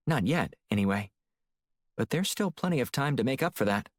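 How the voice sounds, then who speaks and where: A male audiobook narrator voicing a steady, cautious female intelligence handler who talks in a measured, advising way. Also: mid-range voice, no room sound, clean studio sound, voice pushed up, lightly acted.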